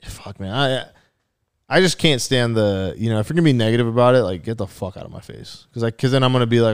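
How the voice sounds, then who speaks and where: A young man ranting about fans on a sports podcast, swearing freely and slipping into mocking voices. His voice sits at an ordinary middle pitch. The recording is dry and close, with no room sound. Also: quick pace, clean tone, dry recording. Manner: profane, ranting, mocks people in put-on voices. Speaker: podcast co-host. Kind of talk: casual sports chat.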